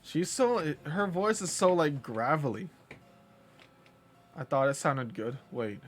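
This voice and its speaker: A man's voice: on the high side, slow pace. A man casually commenting on his live gameplay in a playful, jokey way, laughing often. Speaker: game streamer. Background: faint game music.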